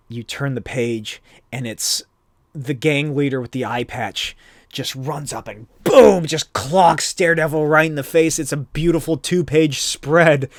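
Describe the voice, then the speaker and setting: A man hosting a podcast, recapping a comic in a loose, profane, animated way. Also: on the high side, no echo, clean studio sound. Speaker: podcast host. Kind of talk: casual comic book recap.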